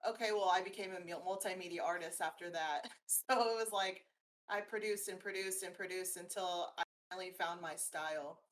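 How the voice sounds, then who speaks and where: A woman's voice: lowish voice, moderate pace, a bit bright. A woman artist being interviewed, chatting in a bubbly way with frequent laughter. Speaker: guest artist. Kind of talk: casual interview chat.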